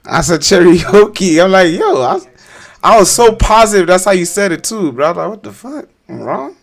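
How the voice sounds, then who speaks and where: A man's voice: a little fast, gravelly. A young man from Haiti bantering casually on a stream, teasing and laughing often. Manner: teasing, laughs often, lively swings in pitch. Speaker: stream host.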